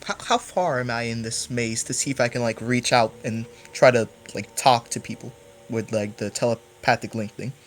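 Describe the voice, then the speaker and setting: A man's voice: medium pitch, moderate pace, few pauses, a little hiss or hum. A man playing a tabletop game, describing his character eagerly with many filler words. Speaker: player.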